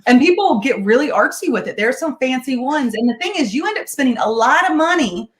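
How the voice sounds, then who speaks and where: Chatty, higher-voiced woman. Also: animated. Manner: chatty, upbeat, quick-talking, laughs often. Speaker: guest home cook sharing meal tips. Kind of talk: casual live-stream cooking demo. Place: home kitchen.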